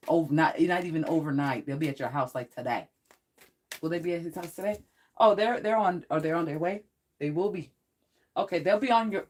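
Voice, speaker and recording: Rambling psychic tarot reader on a live stream. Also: mid-range voice. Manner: rambling and talkative, often laughing; blunt and threatening toward trolls. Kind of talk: casual live-stream chat.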